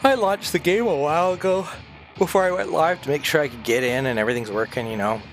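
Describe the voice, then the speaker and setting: A man's voice: a little high, fast, faint music behind. Rambling man spinning a story. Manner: rambling, conspiratorial storyteller who swears freely. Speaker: streamer. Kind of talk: casual livestream storytelling while gaming.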